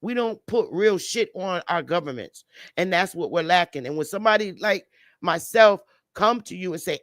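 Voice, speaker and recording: A woman's voice: on the low side, animated, moderate pace, no room sound. A woman speaking as a panelist on a live stream, delivering a heated, blunt and profane rant over a video call. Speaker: livestream panelist.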